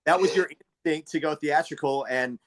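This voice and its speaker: A man's voice: a little high, a little fast. A man hosting a casual chat, talking in an upbeat, encouraging way. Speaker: host, actor.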